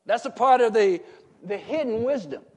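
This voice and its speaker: High-voiced preacher man, emphatic. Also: expressive, moderate pace, husky. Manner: asks the congregation questions and rises to emphatic shouts. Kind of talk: sermon. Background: congregation calling out responses.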